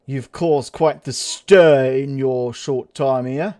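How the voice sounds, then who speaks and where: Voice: medium pitch, takes it slowly, dark tone, pitched below the performer's own voice, lightly acted. A gamer reading as a formal noble official.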